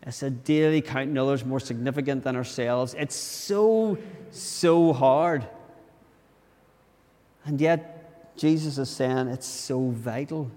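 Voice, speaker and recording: A man's voice: mid-range voice, takes it slowly, a little mellow, in a large hall. A man preaching a sermon in a church, talking earnestly and conversationally, often restarting his sentences. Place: church during a service.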